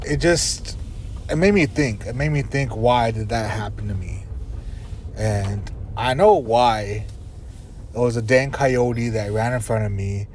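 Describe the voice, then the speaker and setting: A man's voice: fairly low pitch, a little mellow. Casual guy from arizona telling a story, rambly, curses a lot, chuckles, talking from his car. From Arizona reservation. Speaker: podcast host. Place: inside a car on a dirt road. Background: faint vehicle noise.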